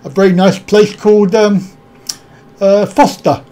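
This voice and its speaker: A man's voice: sits high, little pitch movement, unhurried, warm tone. A man hosting a casual live stream, rambling and joking as he greets viewers by name and answers their comments.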